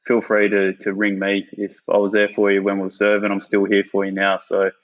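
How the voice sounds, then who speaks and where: Laid-back Australian man, low voice. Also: monotone, a little fast, highs cut off. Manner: laid-back, swears freely, lots of ums and mates. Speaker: guest, former army sniper. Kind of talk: casual podcast chat.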